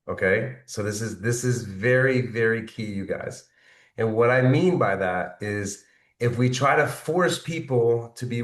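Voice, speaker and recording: A man's voice: medium pitch, roomy sound, far from the mic. A man coaching his team on sales follow-up, motivational and repetitive, often checking in with "right?". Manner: motivational, repeats points, asks "right?". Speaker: network marketing team leader.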